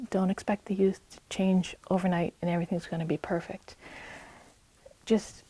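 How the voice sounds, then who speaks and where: A community health presenter with a New England accent gives a public health talk in a library meeting room, earnest and reassuring as she offers direct advice. Her voice is on the low side, dark and husky, with no room sound.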